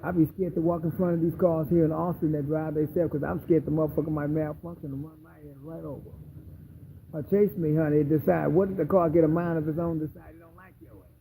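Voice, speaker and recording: Man vlogger with an animated, sassy comic delivery and a high, gravelly voice, swearing freely. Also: quick pace, slight background noise, rough recording. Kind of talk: casual comedic monologue.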